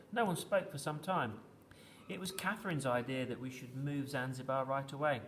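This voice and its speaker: A man reading a children's story aloud with steady, gently expressive storytelling. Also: mid-range voice, slight background noise.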